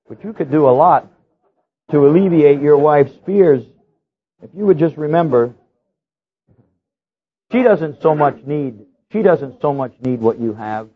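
A man preaching a sermon as pastor. He tells stories with sudden rises in pitch and repeats key phrases for emphasis. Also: measured pace, long pauses. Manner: storytelling with lively rises in pitch. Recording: tinny, phone-like sound.

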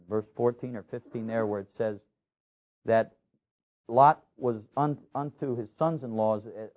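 A male pastor preaching a sermon, emphatic, building his phrases up to loud, rising peaks. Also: medium pitch, phone-quality sound.

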